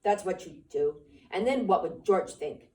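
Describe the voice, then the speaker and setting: A woman reading aloud and voicing a giant imagined rabbit that taunts scornfully in a lowered voice. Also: expressive, a little slow, a little mellow, far from the mic, poor audio.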